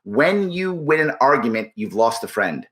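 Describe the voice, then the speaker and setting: A man's voice: medium pitch, very animated, normal speed, a bit bright. A man speaking as an interview guest, emphatic and punchy, repeating key words for effect. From United States. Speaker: guest, political activist. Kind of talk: persuasive interview talk.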